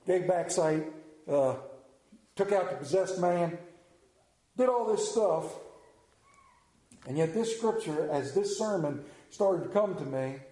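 Dramatic preaching man in echoey room. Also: a little high. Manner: dramatic preaching, shifting from loud to hushed. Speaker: pastor. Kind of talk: sermon.

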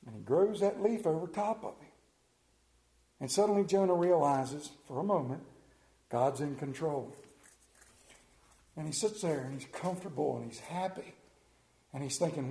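A male pastor preaches in an animated, self-deprecating way, acting out the scripture as he goes. His voice sits fairly high. The sound carries a roomy echo from the hall. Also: moderate pace, long pauses. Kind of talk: sermon.

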